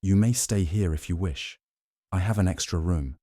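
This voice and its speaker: A man voicing a calm, gentle old woman serving tea in a sleep story, speaking quietly and unhurried. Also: deep voice, no room sound, studio quality.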